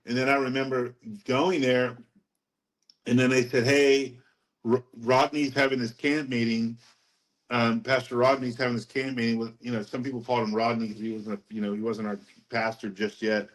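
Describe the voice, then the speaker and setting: A middle-aged man, a podcast guest, telling his faith story in a rambling, animated way and laughing at his own anecdotes. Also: medium pitch, normal speed, low-quality recording. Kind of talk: casual testimony storytelling.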